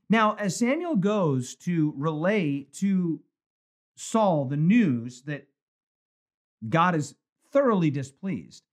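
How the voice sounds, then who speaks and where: A man teaching a Bible study as a pastor, conversational and emphatic, with repeated phrases for emphasis, recorded for a live stream. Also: fairly high pitch. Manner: animated, conversational, emphatic repetition. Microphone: phone or webcam for a live stream.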